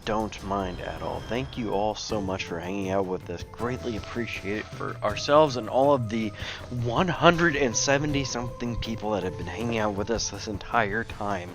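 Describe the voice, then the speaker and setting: A man playing in a tabletop game, chatting casually and reading out thanks, halting with fillers. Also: lowish voice, music in the background. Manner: laughs easily, halting with fillers. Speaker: player.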